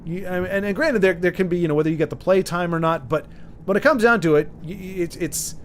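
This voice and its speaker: Streaming live, a man with a high-sitting voice talks fast, rambling casually as he reads out viewer comments, often restarting sentences and chuckling. There's a little hiss or hum in the audio.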